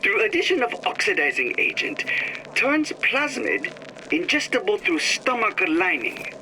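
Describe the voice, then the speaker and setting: A man's voice: high voice, sing-song, measured pace, bright, forceful tone, slight background noise, exaggerated voice, low-quality recording. An actor playing a scheming male scientist who speaks clipped, broken English without articles, in a game recording. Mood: indignant.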